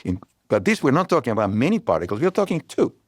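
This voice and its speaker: An older scientist guest speaks quickly in a mid-range voice, with studio-quality sound and no room echo. In relaxed explanatory interview talk, he digresses, tells animated anecdotes, and restarts often.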